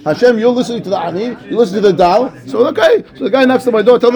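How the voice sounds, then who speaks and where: Man, rabbi, high voice, rapid lively teaching, acts out dialogue. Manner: animated, acts out dialogue, mixes Hebrew texts. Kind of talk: Torah class.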